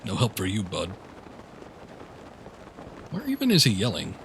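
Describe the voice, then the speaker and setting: A man's voice: lowish voice, huge pitch swings, a little slow, vocal fry, fairly bright tone, slight background noise. A man streaming a video game, talking casually and joking at himself as he plays. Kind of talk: casual gameplay commentary.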